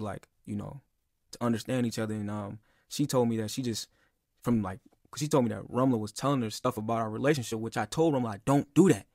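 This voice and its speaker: A man's voice: lowish voice, gravelly, darkish tone, dry recording. Young man, rambling heated story, casual chat, dry close sound. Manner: rambling and heated, repeated "bro" and "like". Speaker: podcast speaker.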